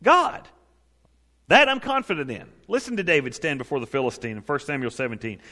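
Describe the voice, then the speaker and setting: A male pastor preaching a sermon, emphatic, swinging between loud raised declarations and quiet low asides. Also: huge pitch swings, a little fast. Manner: emphatic, rising to loud high-pitched proclamation then dropping low. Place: church sanctuary. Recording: reverberant hall.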